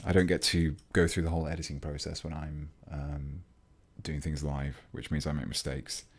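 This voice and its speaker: A man's voice: very deep voice, level tone, normal speed, slightly rough. An English man hosting a hobby livestream, chatting casually and rambling as he reads out viewer messages while he works on a model. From England. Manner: chatty, rambling, reads chat aloud mid-task.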